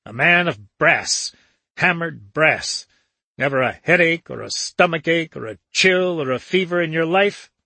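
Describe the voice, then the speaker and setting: A man's voice: on the high side, expressive, measured pace, gravelly, sharp tone, dry recording, voice pushed up, full character voice. A man voicing an irritable, dyspeptic little older man who snaps out indignant questions.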